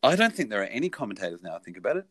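Aussie podcast host guy, lowish voice, dry close mic, wry and jokey. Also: big pitch swings, racing, fairly bright tone, slightly rough, no echo. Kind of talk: casual podcast chat.

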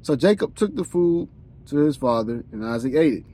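A man's voice: medium pitch, expressive, normal speed, warm tone. A man hosting a podcast, reading scripture aloud in a plain voice, tripping over words now and then and breaking off with casual slangy comments.

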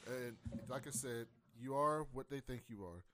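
A man's voice: medium pitch, normal speed. A man making his point emphatically in a casual podcast chat. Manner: emphatic, animated argumentative.

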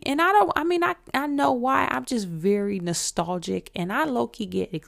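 A woman in her forties hosts a casual podcast and tells her stories with lively bursts of emphasis. Her voice sits a little low, and she sounds excitable and animated. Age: 40s. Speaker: podcast host. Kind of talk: casual storytelling.

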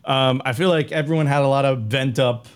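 A man's voice: medium pitch, brisk, clean tone. A man co-hosting a casual podcast, laid-back and swearing casually, calling people bro. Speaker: co-host.

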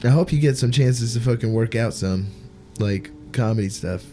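A man's voice: mid-range voice, moderate pace, warm tone, faint music behind. A man hosting a casual podcast chat as a comedian, talking in a laid-back, rambling way full of "like" and "you know".

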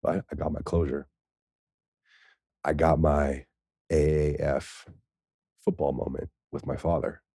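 Very deep-voiced man telling a story. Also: little pitch movement, a little slow, long pauses, dark tone, slightly rough, no echo, studio quality. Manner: rambling, profane, laughs often. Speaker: podcast guest, former pro football player. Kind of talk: casual storytelling.

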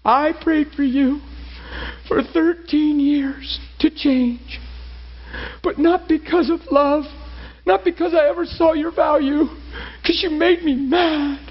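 A man's voice: very high voice, steady tone, takes it slowly, muffled recording, voice pushed up. A male preacher voicing his wife's tearful confession in a pleading tone. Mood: remorseful. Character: remorseful tearful wife confessing.

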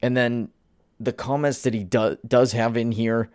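A man's voice: mid-range voice, level tone, measured pace, a little mellow, clear, resonant tone, dry recording, studio quality. A man hosting a solo commentary podcast, ranting in an exasperated way. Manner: ranting, exasperated, swears at target. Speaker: podcast host.

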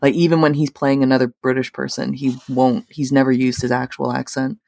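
A woman's voice: extremely low pitch, level tone, a little fast, gravelly, dark tone, no room sound, studio quality. A woman taking part in a casual podcast discussion, eagerly jumping in over the others. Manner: enthusiastic, jumps in over others.

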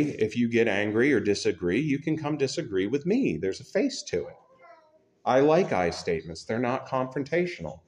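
A man preaching a sermon to his church congregation, talking in a relaxed, conversational way with self-deprecating humor. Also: medium pitch. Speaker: pastor.

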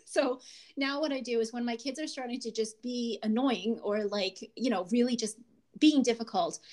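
A woman in her thirties hosting a casual podcast, with a fairly high voice. She talks in an animated way, laughs often and slips into little voices when she quotes someone. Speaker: podcast host.

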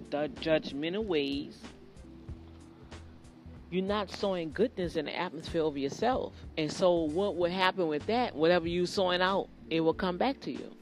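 A preacher giving an informal sermon, earnest and addressing listeners directly, often repeating phrases. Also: medium pitch.

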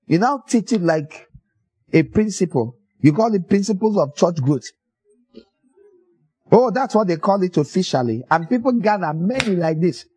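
A man preaching a sermon, telling stories in an animated way and acting out the people in them. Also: high voice, slightly rough, no echo, low-quality recording. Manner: animated storytelling, acts out voices with laughter.

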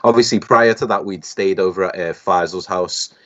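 Low-voiced Liverpool man on a lo-fi line. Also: normal speed. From Liverpool, England. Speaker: guest musician. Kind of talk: casual podcast chat.

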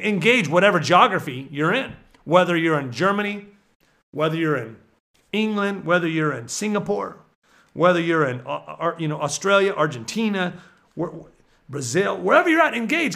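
A man preaching with excitable energy, swinging from low murmurs to shouted exhortations. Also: a little fast, creaky.

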